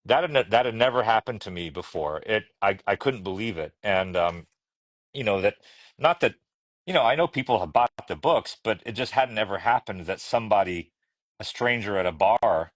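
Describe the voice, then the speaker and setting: A middle-aged man tells stories in a relaxed chat as a podcast guest. His voice sits fairly low and the recording is dry and close. He laughs often and restarts his sentences as he goes. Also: moderate pace, no room sound. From United States. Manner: chatty, laughing, many restarts. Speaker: guest, children's book illustrator. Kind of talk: casual storytelling conversation.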